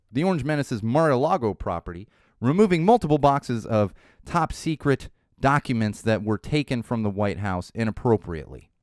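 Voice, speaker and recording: A man hosting a podcast, giving opinionated political commentary in an animated, ranting way and swearing freely. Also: mid-range voice, dry recording, studio quality. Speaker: podcast host.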